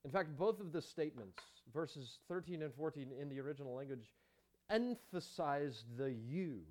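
A man's voice: on the high side, expressive, moderate pace, darkish tone. A man preaching a sermon as pastor, emphatic, with rhetorical questions and chatty asides to the congregation.

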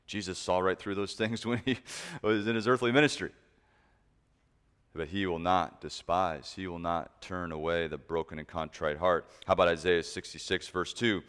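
A man preaching a sermon, emphatic, shifting between loud stressed points and soft asides. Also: low-pitched, clear, resonant tone. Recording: long reverb of a large hall.

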